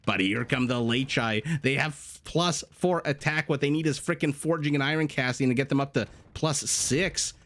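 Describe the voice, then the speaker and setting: A married man casting a strategy video game match as a commentator, lively and jokey, with rambling asides and sudden gasps. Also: mid-range voice, moderate pace, few pauses. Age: adult, married with a young child. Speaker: game caster. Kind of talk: esports commentary.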